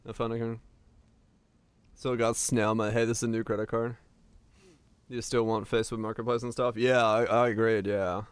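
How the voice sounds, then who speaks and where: A man's voice: lowish voice, level tone, moderate pace, long pauses, clear, resonant tone, no echo. A streamer from Finland with an American accent carrying slight Southern touches, rambling casually as he answers chat.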